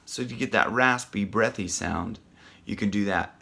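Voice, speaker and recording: A man teaching a casual singing lesson, chatty and rambling with many ums and restarts, breaking off to sing loud rock lines. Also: on the low side, normal speed, vocal fry. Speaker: vocal coach.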